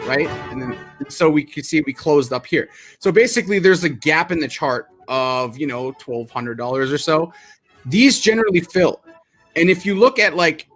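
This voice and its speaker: A man with a slightly high voice talks through trading charts in a loose, conversational way. He is animated, restarts his sentences and acts out how panicked traders react. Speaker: crypto trader. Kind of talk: casual explanatory chat over charts.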